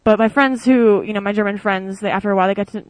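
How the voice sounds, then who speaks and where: A young woman with an American accent answers interview questions in a relaxed, chatty way. She rambles and fills her pauses with "um" and "like". Her voice sits at an average pitch and sounds close and dry, with no room echo. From United States. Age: young adult. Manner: chatty, rambling, many fillers. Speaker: interviewee, former exchange student.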